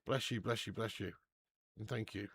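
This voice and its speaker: A man's voice: on the low side, steady tone, normal speed, a bit bright, breathy edge. A man hosting a live football watch-along, reading out viewer messages and bantering with plenty of swearing and laughter. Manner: reads out viewer super chats.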